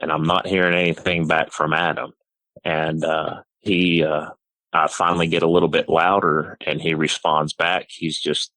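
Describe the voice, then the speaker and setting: Middle-aged male caller, flat and low, rambling story full of fillers. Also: no echo, rough recording. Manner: halting, full of "you know" and "uh". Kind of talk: telling a personal story.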